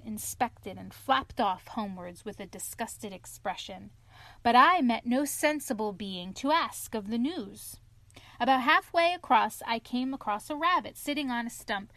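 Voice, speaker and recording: A woman reading aloud, voicing a cheerful, hearty male otter in a storybook, talking in a brisk lively way. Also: mid-range voice.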